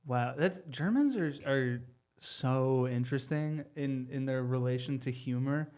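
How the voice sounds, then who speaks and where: A man's voice: mid-range voice, a little slow, darkish tone. A man hosting a podcast, telling stories in a chatty way with many restarts. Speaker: podcast host. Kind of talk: casual podcast chat.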